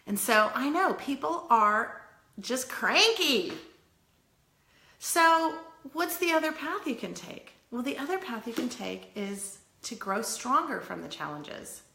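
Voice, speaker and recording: Woman, earnest tough-love pep talk, chatty asides, slightly high pitch, bright tone. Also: roomy sound. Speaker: wellness vlogger. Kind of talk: motivational talk to camera.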